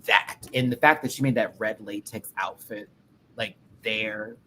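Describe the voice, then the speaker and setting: A man's voice: fairly low pitch, steady tone, unhurried, pushed and bright, slight background noise, rough recording. A man hosting a casual pop-culture chat show, talking in a sassy, rambling, profane way. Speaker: podcast host.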